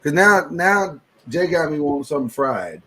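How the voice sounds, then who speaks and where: Animated male podcast host, loose chat. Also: moderate pace. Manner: animated, with sudden jumps up in pitch and loudness; rambling, with repeated restarts.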